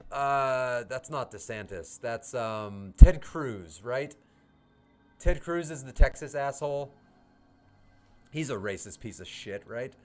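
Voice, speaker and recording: An American man talking casually on a livestream responds to chat messages, breaking into heated, profanity-laced rants with laughter mixed in. His voice is medium-pitched and a bit bright.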